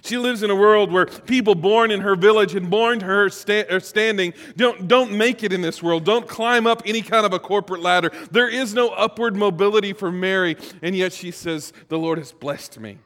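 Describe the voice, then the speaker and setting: A man preaching a sermon as pastor, swinging between loud, emphatic passages and quiet, reflective ones, acting out quoted lines. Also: sits high, normal speed, hardly any pauses, in a large hall.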